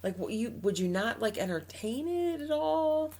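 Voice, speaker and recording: A woman's voice: fairly high pitch, very animated, moderate pace, warm tone. A woman co-hosting an advice podcast in casual chat, talking emphatically with trailing restarts and acted-out quotes. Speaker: podcast co-host.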